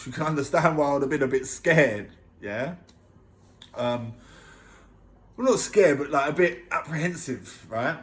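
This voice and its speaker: A man's voice: mid-range voice, a little hiss or hum. A man earnestly telling his own story in a casual vlog, emphatic and often checking in with the listener.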